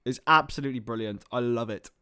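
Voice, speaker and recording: A young guy runs a live football watchalong, blending play-by-play with meandering, chatty tangents and getting worked up whenever a chance comes. His voice is medium in pitch and smooth, and he talks fast.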